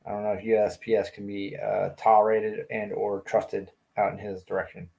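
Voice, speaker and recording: A man's voice: fairly low pitch, monotone, normal speed, creaky, darkish tone. A man hosting a livestream in a small room, casually reading out viewer comments and joking around. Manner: joking, chatty, often laughing. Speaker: livestream host. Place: small hot room indoors.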